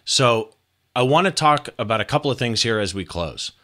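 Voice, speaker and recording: A man's voice: medium pitch, lively intonation, normal speed, fairly bright tone. A man hosting an interview, upbeat and direct, asking questions and speaking to the listeners. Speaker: interview host.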